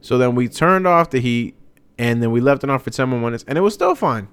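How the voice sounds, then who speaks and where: This young man tells a story loosely and with plenty of humor, swearing freely as he goes. His voice is smooth and resonant, rising and falling with a lot of movement. The recording is dry and close, with no room sound behind it. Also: medium pitch, brisk, no echo. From Hispanic family, father speaks Spanish. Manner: animated, profane, jokey storytelling. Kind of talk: casual storytelling chat.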